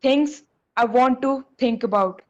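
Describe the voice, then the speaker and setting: A woman's voice: high-pitched, measured pace, dull audio. A young woman reading the part of a stubborn, curious teenage boy in a class reading.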